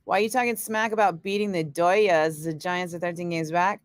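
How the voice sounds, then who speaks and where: Middle-aged woman DJ, low voice, blunt and salty, chatting live into a dry studio mic. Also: fairly even intonation, dry recording. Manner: blunt, swears freely, quick asides to chat. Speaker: radio DJ chatting with livestream viewers. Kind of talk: casual livestream chat. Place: home studio. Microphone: studio microphone.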